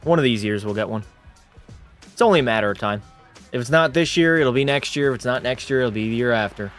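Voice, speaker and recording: A man's voice: mid-range voice, expressive, fast, a bit bright, soft background music. A man hosting a livestream watch party, giving casual commentary and joking, swearing, and bantering with his chat. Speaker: livestream host.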